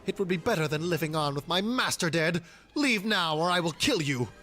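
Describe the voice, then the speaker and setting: A grief-stricken young Jedi apprentice in a video game, whiny and defensive, his voice pitched a little high. Soft music plays behind him. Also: expressive, a little fast. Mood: threatening.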